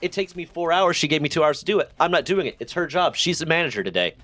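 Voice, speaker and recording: A young man streaming a game, telling a story in a casual, animated way and acting out the people in it. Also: a little high, fast, dry recording. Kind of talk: casual storytelling while gaming.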